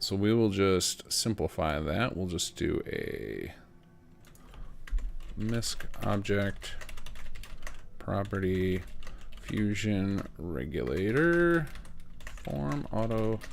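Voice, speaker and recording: A man who streams his game modding, casually thinking aloud in rapid bursts and making joking asides. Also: fairly low pitch, expressive, gravelly, a little hiss or hum. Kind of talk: live commentary while modding.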